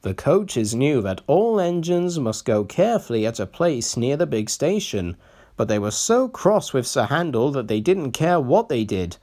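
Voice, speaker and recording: A reader giving a slow, expressive read-aloud of a children's railway storybook. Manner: slow, expressive reading with lively pitch.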